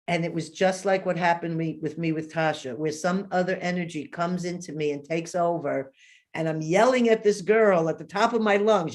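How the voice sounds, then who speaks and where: A woman in her fifties, a guest in an interview, telling a long personal story in an animated way and acting out the voices she quotes. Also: lowish voice, normal speed.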